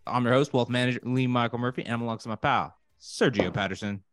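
A man hosting a podcast interview as a wealth manager, talking with energetic, friendly banter. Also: mid-range voice, fast talker, no room sound, soft background music.

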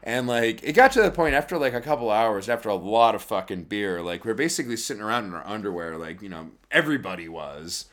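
Animated rambling storytelling man. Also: lowish voice, fast talker, few pauses. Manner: rambling, profane, lots of fillers. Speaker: podcast host. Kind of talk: casual storytelling chat.

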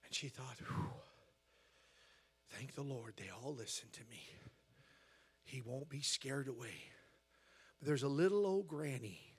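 A man preaching a sermon as pastor, with an American accent, telling a story quietly and then rising to loud, shouted preaching in a church. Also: medium pitch, animated, a little slow, pauses often, husky. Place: church sanctuary.

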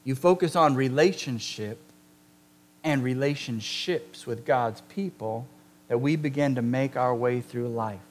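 A man preaching a sermon, speaking conversationally with joking asides and slowing down to stress key words. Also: mid-range voice, slight background noise. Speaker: pastor.

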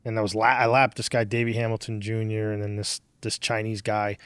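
A man's voice: on the low side, fairly quick, smooth, no echo. A man in his forties hosting a podcast, telling rambling, profane stories in casual chat. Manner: rambling, profane, animated storytelling. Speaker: podcast host.

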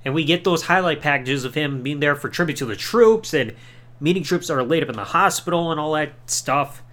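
Sarcastic podcast host, slightly high voice. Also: male voice, lively intonation, a little fast, a bit bright. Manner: sarcastic, mocking, swears casually. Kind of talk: casual podcast review.

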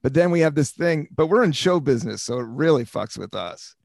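A middle-aged man hosting a casual, rambling chat, animated and quick to laugh. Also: on the high side, vocal fry, no room sound, clean studio sound.

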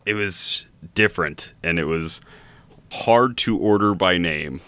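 A man with a low but bright, forceful voice chats as a podcast co-host. He jokes around and pauses often to collect his thoughts, with a relaxed, conversational delivery. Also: clear, resonant tone, no echo. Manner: hesitant, many fillers and restarts, joking. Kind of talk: casual chat.

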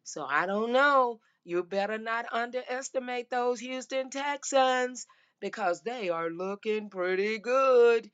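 Woman, sports podcast host, unhurried, hoarse, emphatic, dull muffled audio. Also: on the high side. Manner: emphatic, repeats "I'm telling you" and "baby". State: losing her voice. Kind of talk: casual sports talk.

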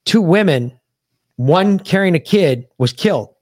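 A man's voice: high voice, animated, unhurried, no echo, studio quality. A man from the United States, a podcast host, bluntly and profanely retelling a combat story in casual conversation.

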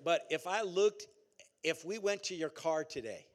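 A man preaching a sermon as pastor, in a conversational, animated way with call-and-response and repeated phrases. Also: on the high side, normal speed.

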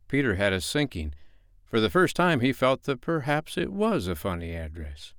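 Expressive male storyteller, lively reading. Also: mid-range voice, normal speed, no room sound, studio quality. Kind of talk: audiobook narration of a classic novel.

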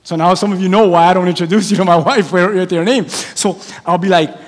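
A male pastor preaching a sermon in a church, telling stories in an animated way and acting out the voices of the people in them. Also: sits high, fairly quick. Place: church sanctuary. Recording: long hall reverb.

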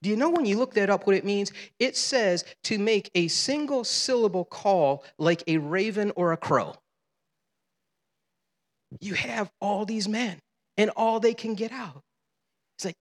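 A man's voice: high voice, lively intonation, measured pace, pauses often. A male pastor preaching a sermon in a conversational, humorous way in a church sanctuary. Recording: long reverb of a large hall.

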